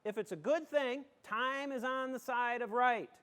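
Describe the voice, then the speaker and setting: High-voiced folksy middle-aged man. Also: measured pace, fairly bright tone, clean tone. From southern tier of western New York. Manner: joking, folksy, emphatic. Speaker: school superintendent. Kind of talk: folksy talk to a community audience.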